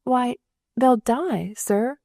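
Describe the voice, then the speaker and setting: A woman's voice: fairly high pitch, very slow, dark tone, dry recording, clean studio sound, voice pushed up, full character voice. A woman voicing a meek young woman nurse who talks in a faltering, timid way. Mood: pleading.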